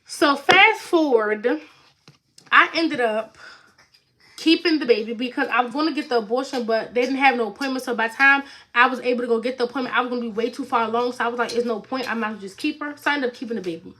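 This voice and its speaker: A young woman tells a personal story straight to camera, rambling and chatty, leaning on "like" and "you know what I'm saying". Her voice sits a little high and rings bright and sharp. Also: fast talker. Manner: chatty, rambling, lots of fillers and "like". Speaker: vlogger. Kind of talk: casual storytime.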